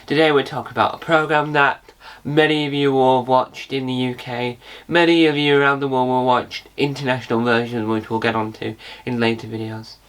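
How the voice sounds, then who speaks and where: A man's voice: mid-range voice, level tone, brisk, few pauses, fairly bright tone, smooth. A man hosting a casual vlog about a reality show, rambling and jokey and often correcting himself mid-sentence. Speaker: reality TV video host.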